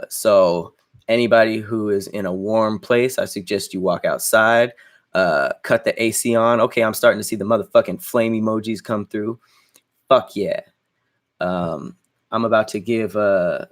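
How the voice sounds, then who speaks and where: Crude, boastful young male podcast host. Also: fairly low pitch. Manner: crude, boastful and joking, laughs at himself. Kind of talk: casual livestream chat and freestyle rap.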